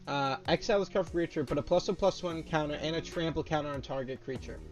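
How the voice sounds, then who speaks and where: A young man with a fairly high-pitched voice reads out trading card text in a casual tone. He breaks into loud, swearing outbursts of excitement between cards. Faint music plays underneath. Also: fast. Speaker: card game content creator. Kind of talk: casual card spoiler reaction.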